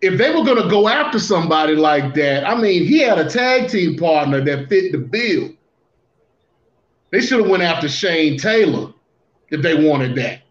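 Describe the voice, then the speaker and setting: A man co-hosting a casual wrestling talk show, speaking deliberately and often restarting his phrases. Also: fairly high pitch, big pitch swings. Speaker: podcast co-host. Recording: roomy, dull lo-fi sound.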